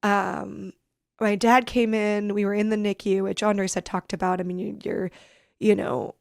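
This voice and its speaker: A woman in her thirties, a podcast guest telling a personal story in an earnest, reflective, halting way. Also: medium pitch, creaky, darkish tone, dry recording, studio quality. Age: 30s.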